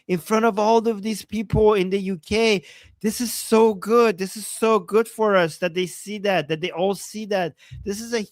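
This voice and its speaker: A man from Iran co-hosting a livestream, reacting excitedly to rally footage and reading chat messages aloud. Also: high-pitched, no echo. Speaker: livestream co-host. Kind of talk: live commentary on rally footage.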